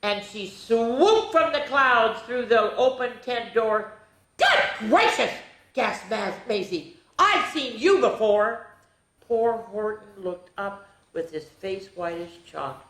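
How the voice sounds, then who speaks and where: A middle-aged woman reading a picture book aloud to children in an expressive, sing-song way with chatty asides, in an echoey room. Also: medium pitch, slow pace. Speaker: children's storyteller.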